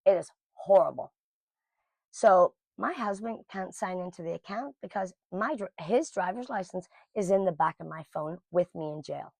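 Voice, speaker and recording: Low, gravelly middle-aged woman telling a story. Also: moderate pace, no room sound. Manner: emotional, blunt, lively quoting of others. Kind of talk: casual storytelling to camera.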